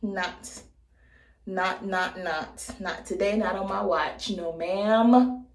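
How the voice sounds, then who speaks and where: A woman's voice: medium pitch, slow. Playful woman vlogging in an echoey room. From United States. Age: 30s. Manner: playful, jokey, talks to viewers as "baby" and "y'all". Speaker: hair vlogger. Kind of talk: casual chat while styling hair on camera.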